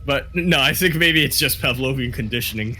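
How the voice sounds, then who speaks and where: A man casting a live video game match, quick, rambling and joking. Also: mid-range voice, background noise. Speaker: esports caster.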